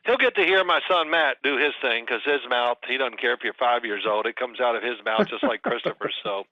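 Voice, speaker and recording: An older man, a guest on a chat show, telling animated family stories and putting on shouted voices in them. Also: mid-range voice, brisk, no room sound. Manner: animated storyteller, mimics shouting in anecdotes. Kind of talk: casual podcast chat. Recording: dry, muffled audio.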